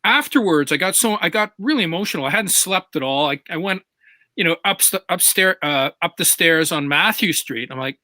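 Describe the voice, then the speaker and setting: A guest drummer chats casually, telling animated stories and asking eager questions. His voice is a little high and a little fast, with no room sound.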